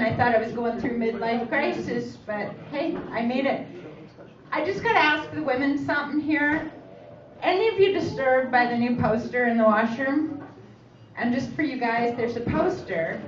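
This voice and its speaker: A woman's voice: fairly high pitch, noisy background. A woman in her forties doing a chatty stand-up set in a comedy club, teasing the audience with questions. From Canada. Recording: echoey, distant, muffled club recording. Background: audience laughter and crowd.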